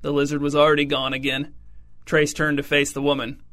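A man narrates a comic story in a wry, deadpan manner. His voice sits a bit high and bright. He keeps a flat, even contour throughout. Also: brisk. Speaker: audiobook narrator.

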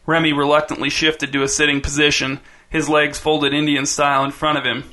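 A man narrates a story in a bright, clear voice, keeping his pitch fairly even. His reading is dry and wry, steady through long sentences. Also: a little fast. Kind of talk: scripted narration.

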